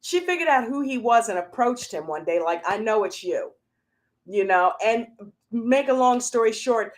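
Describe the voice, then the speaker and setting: A woman's voice: on the high side, lively intonation, moderate pace. Chatty woman hosting a motivational livestream. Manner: chatty, storytelling, emphatic. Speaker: motivational show host. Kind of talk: casual motivational talk.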